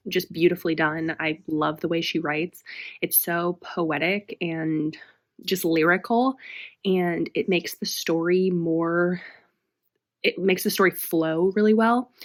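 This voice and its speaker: A woman's voice: lowish voice, dry recording. A woman talking passionately and emphatically in a casual book review vlog, with frequent fillers. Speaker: book vlogger.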